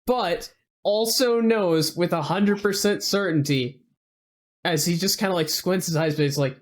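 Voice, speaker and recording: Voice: medium pitch, unhurried. A game master narrating a tabletop game in a loose, rambling way, full of "like" and casual swearing.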